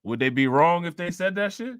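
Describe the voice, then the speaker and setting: A man's voice: high voice, animated, fairly quick, fairly bright tone, smooth, no echo, studio quality. A man hosting a live stream, talking loosely and profanely, laughing often and repeating himself. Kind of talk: casual live-stream commentary.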